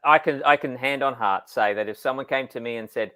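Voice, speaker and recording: Male guest co-host, relaxed storyteller, a touch sardonic, on a video call. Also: mid-range voice, fast talker, few pauses, clean tone. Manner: easygoing storyteller, laughs easily, a bit sardonic. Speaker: filmmaker co-host. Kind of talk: casual chat on a livestream.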